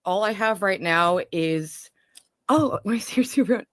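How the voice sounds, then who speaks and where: A woman's voice: medium pitch, slow pace, no echo, clean studio sound. A woman talking casually on her livestream, scattered and rambling.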